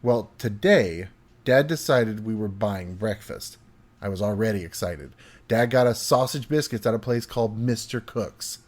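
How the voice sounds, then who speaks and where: A man reading aloud a friend's funny childhood story, with an animated, hyperbolic delivery that swings from hushed to loud. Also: lowish voice, normal speed.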